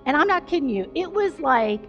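A woman pastor with a high voice tells a story from the pulpit in a chatty, self-deprecating way, full of fillers. Faint music plays underneath. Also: big pitch swings, fairly quick, highs cut off. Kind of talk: conversational storytelling sermon.

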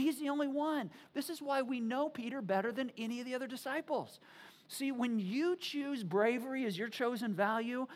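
Woman preaching, chatty and animated, kinda high voice, lots of restarts. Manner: animated, conversational storytelling with many restarts. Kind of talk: sermon.

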